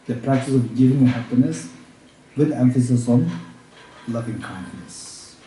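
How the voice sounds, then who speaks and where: A man teaching Buddhist practice at a retreat, repeating each point slowly as if dictating, with halting restarts and check-ins with his listeners. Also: mid-range voice, dark tone, a little hiss or hum. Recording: roomy room, speaker far from mic.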